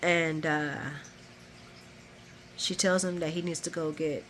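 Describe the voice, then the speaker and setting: A woman vlogger giving a chatty, animated recap of a soap opera episode. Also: deep voice, slow, a little hiss or hum.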